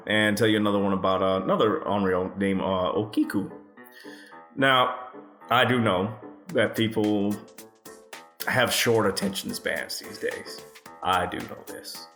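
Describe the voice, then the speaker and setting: A man's voice: on the low side, fairly bright tone, reverberant. A man telling a ghost story in a casual, profane, rambling way, joking as he goes. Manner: laid-back, joking. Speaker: host.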